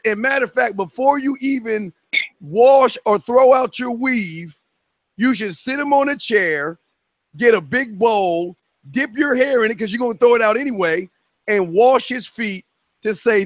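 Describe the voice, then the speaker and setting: A man hosting a podcast, lecturing the room with preachy certainty and drawn-out emphasis. His voice sits high and the sound is dry and close. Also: no echo. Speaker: podcast host.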